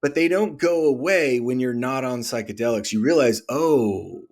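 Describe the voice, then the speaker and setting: An older man hosting a podcast interview, talking in a calm, reflective way and asking gentle questions. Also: mid-range voice, moderate pace. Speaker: podcast host. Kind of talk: conversational interview.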